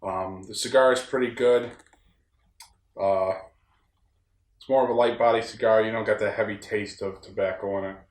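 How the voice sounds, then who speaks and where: Rambling upstate New York man, low voice. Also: steady tone, moderate pace, long pauses, a little mellow. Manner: rambling, plain-spoken, folksy. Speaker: podcast host. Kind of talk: casual solo talk. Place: room on a ranch. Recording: roomy echo.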